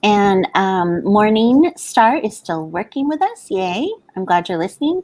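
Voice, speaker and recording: A woman's voice: mid-range voice, very animated, measured pace, few pauses, darkish tone. A woman co-hosting a writing livestream, chatting casually and reading out viewer comments.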